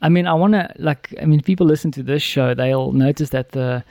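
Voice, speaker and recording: A man's voice: on the high side, brisk, creaky, mellow, no room sound. Rambling male podcast host, dry sound. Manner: rambling, with many fillers. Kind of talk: casual chat.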